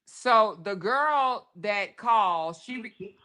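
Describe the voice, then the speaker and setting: A woman's voice: a little high, expressive, slow pace, pushed and bright, smooth. A woman hosting a casual commentary show, speaking emphatically, repeating her points and talking straight to her viewers. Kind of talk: casual commentary on a viral video.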